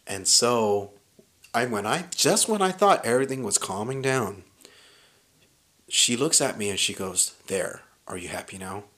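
This young man's voice is mid-range, and he speaks a little slowly, pausing often. He's spinning a wild tale on a podcast, profane and animated, laughing through the whole casual story.

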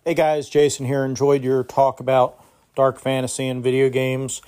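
A man's voice: mid-range voice, completely flat delivery, normal speed, a little mellow. Friendly man leaving a voice message. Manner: friendly, casual, a bit rambling. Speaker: caller. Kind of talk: recorded voice message.

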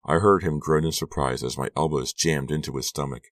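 A man narrating a horror audiobook in a measured, tense reading. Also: very deep voice, no echo, studio quality.

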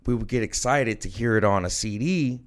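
A middle-aged man with a voice on the low side tells stories the easy way, slangy and loose, cursing now and then. He is a rap artist chatting as a podcast guest. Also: brisk. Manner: laid-back slangy storytelling, swears freely. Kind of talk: casual podcast chat.

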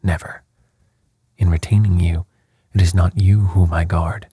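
A man reading the part of a stern, commanding sea captain in a cold, measured manner, in an audiobook. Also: low-pitched, fairly even intonation, dark tone, husky, no room sound, studio quality, heavily acted. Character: stern, commanding middle-aged male submarine captain.

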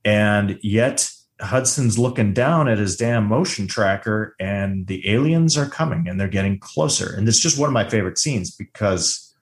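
A man co-hosting a casual movie chat, animated and swearing freely, acting out lines from scenes. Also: on the low side, moderate pace, few pauses. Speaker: podcast co-host.

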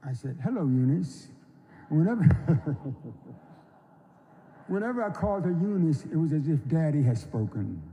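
A man in his seventies from North Carolina, giving an unhurried, folksy storytelling speech at an induction ceremony. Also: a little high, very animated, dark tone. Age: 70s. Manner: unhurried, folksy, acts out quoted voices. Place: large hall. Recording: long reverb of a large hall.

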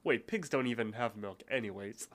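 A man's voice: fairly low pitch, normal speed. A man co-hosting a podcast, casually recapping a cartoon episode in a chatty way and laughing easily. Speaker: podcast co-host.

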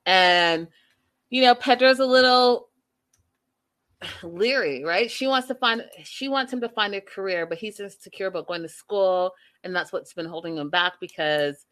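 A young woman chatting casually as she recaps a reality show, gossipy and animated, often laughing and talking straight to her viewers. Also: medium pitch, normal speed.

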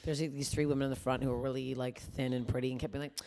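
A woman's voice: rumbling low, rapid-fire, a little hiss or hum. A young adult woman comedian chatting casually on a podcast, telling stories with lots of swearing. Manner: animated storyteller, swears freely. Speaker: stand-up comedian.

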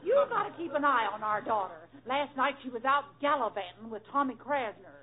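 A fussy, scolding middle-aged wife in a frozen cabin, brisk and bossy. Her high voice swings up and down a lot. Tinny old radio sound with faint audience laughter. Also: expressive, very noisy. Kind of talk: 1940s radio comedy acting.

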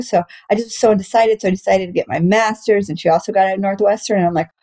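A woman's voice: mid-range voice, steady tone, fast, dark tone. Candid, swearing woman comedian chatting. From Texas. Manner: candid, swears often, laughs through her stories. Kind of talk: casual podcast chat, storytelling.

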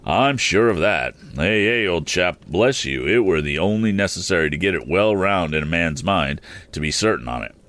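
Man voicing a gentle, slow-spoken old-fashioned blacksmith. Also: sits low, expressive, dry recording. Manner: slow, homely country dialect speech. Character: kindly plain-spoken middle-aged male blacksmith.

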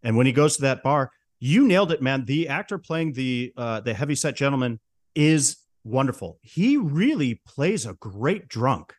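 Regular guy, mid-pitch, excited about a movie scene, dry recording. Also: moderate pace, no room sound. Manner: enthusiastic, relaxed, buddy-like. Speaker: podcast co-host. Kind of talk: casual film discussion.

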